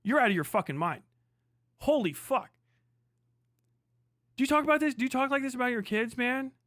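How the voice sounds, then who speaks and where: Streamer, male, high voice, dry close sound, angry mocking rants. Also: very animated, moderate pace, a bit bright, dry recording. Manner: heated, mocking, swearing. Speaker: livestream host reacting. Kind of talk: profane livestream reaction.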